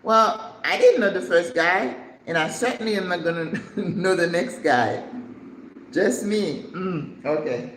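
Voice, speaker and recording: Older woman, cooking show host, dramatic storyteller, slow unhurried delivery, echoey kitchen, faint background noise. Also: fairly low pitch. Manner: animated, dramatic storyteller who acts out the people in her story. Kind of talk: casual storytelling while cooking.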